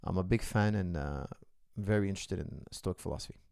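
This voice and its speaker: A man's voice: sits low, a little fast, creaky, darkish tone, clear, resonant tone, no room sound, clean studio sound. A middle-aged man, a martial arts coach, answering viewer questions in an earnest, philosophical casual monologue. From the West.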